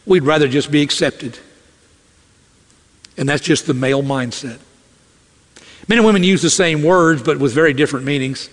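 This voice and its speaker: High-voiced preacher in a reverberant hall. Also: male voice, moderate pace, pauses often. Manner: animated preaching, acting out quoted voices. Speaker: pastor. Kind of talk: sermon. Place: church sanctuary. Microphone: podium or stage mic.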